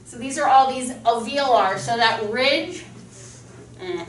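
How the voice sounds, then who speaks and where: A woman speech teacher lecturing a class, enthusiastic and quick with examples, speaking through a mask. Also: fairly high pitch. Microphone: masked, recorded from across a classroom. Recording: echoey classroom from far off.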